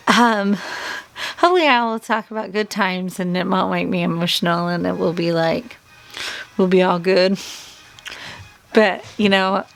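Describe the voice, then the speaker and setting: A woman's voice: on the low side, creaky. A woman in her forties chatting casually as a beauty vlogger, rambling, trailing off and restarting her sentences. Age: 40s. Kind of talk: casual makeup tutorial chat.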